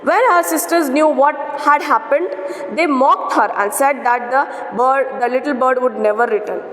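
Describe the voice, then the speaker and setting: A woman's voice: high voice, normal speed, a bit bright. A woman English teacher reading a story passage aloud and then explaining it in simple words, often checking in with "okay". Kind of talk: explaining a story text line by line. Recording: echoey room with long reverb.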